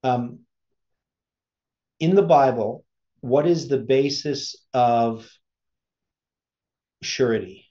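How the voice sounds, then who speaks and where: A man's voice: medium pitch, drawn-out words, long pauses, mellow, muffled recording. A man preaching, reading a sermon aloud with his own commentary and asking the listeners rhetorical questions.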